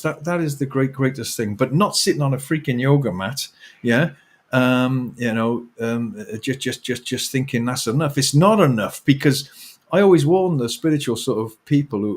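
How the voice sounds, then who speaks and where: A man's voice: mid-range voice, normal speed. A middle-aged man, an author talking as an interview guest, ranting passionately with swearing and bursts of laughter. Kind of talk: impassioned interview talk.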